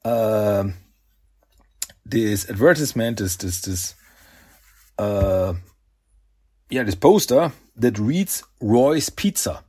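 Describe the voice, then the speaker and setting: A man hosting a podcast, casually recapping a comic in a chatty, animated way and slipping into character voices. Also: fairly low pitch, slow, pauses often, breathy edge. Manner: chatty, animated retelling with laughs and voiced asides. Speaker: podcast host.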